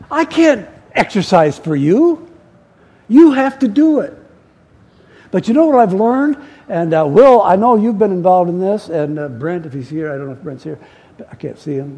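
A man's voice: high-pitched, gravelly, dark tone, husky. A middle-aged male pastor preaching a sermon, emphatic, repeating key words and asking the congregation questions.

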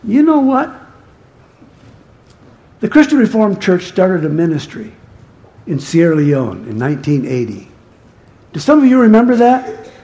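High, lively male pastor preaching. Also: measured pace, pauses often. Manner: conversational storytelling, turning emphatic. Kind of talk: sermon.

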